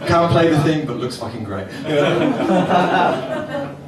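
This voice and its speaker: A man's voice: a little high, wildly swooping pitch, slow pace. A middle-aged man hosting a comedy club night, working the crowd in a cheeky, swearing stand-up manner. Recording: echoey club from far off, noisy.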